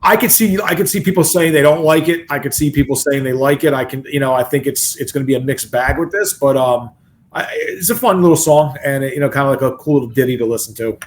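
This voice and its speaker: A man's voice: mid-range voice, fast talker, a little hiss or hum. A man co-hosting a music reaction video, chatting casually and thinking aloud with many restarts. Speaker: reaction channel co-host. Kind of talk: casual chat reacting to a song.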